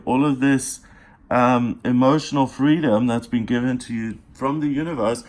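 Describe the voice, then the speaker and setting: Speaking straight to the listener, a man with a mid-range voice delivers a daily tarot reading. His manner is earnest and encouraging, and he takes his time, with pauses and fillers along the way.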